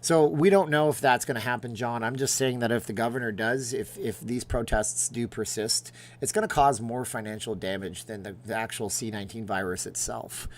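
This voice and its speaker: A middle-aged man riffing through a casual livestream, chatty and sarcastic as he answers viewers' questions. His pitch sits right in the middle for a man, and he talks loosely and conversationally. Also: steady tone, moderate pace, hardly any pauses. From Las Vegas, Nevada. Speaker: livestream host.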